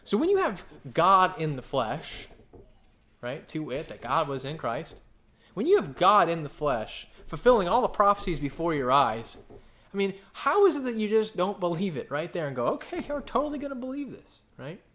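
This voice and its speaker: A man preaching a sermon, animated and full of questions he answers himself, sometimes acting out voices. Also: moderate pace. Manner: animated, acts out quoted voices with big pitch jumps; asks the congregation questions and answers them. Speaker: pastor.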